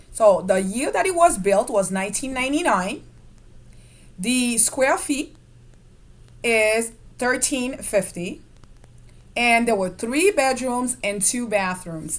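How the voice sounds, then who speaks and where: A woman teaching a real estate investing lesson in a lively way, stressing key words and checking in with her viewers. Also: fairly high pitch. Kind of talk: screen-share investing lesson.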